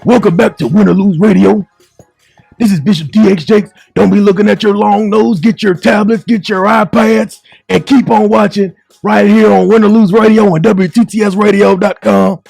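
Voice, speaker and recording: Man doing a fiery Southern bishop, high and loud, dry booth sound. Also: vocal fry, breathy edge, no room sound, heavily acted. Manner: preachy, rising and shouting.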